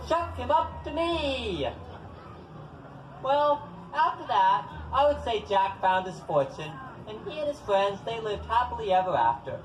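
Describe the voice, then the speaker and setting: A man telling folktales live to an audience, animated and coaxing listeners to join in. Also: high-pitched, moderate pace, few pauses. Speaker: storyteller. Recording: echoey hall, faint background noise.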